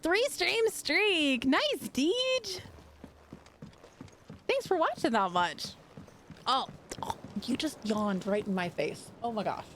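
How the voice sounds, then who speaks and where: A woman's voice: high voice, expressive, slow, pauses often, a bit bright, slight background noise. Chatty lady gamer on stream, bouncy voice, talks to her dogs, laughs a lot. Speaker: streamer playing a video game. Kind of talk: casual live-stream chat.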